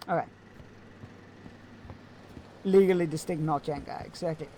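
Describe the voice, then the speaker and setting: A man's voice: on the high side, fairly even intonation, a little slow, noisy background. A man streaming a video game, chatting casually and musing aloud, with frequent fillers and chuckles. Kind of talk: casual gameplay commentary.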